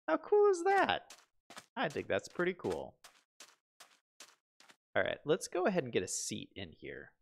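A man's voice: fairly low pitch, huge pitch swings, moderate pace, vocal fry, long pauses. A man live-streaming a building game, chatting casually, asking himself questions and reading viewer comments aloud. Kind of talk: casual live-stream chat while playing.

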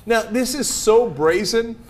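A man hosting a political commentary show, talking fast and mocking his targets with put-on voices. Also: extremely high pitch, slight background noise. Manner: animated, mocking impressions, laughing. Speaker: host.

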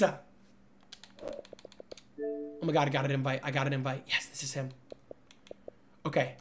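A young man streaming a game, chattering excitedly to his chat in slangy, excitable commentary. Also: medium pitch, moderate pace, long pauses, soft background music. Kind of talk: live gaming commentary.

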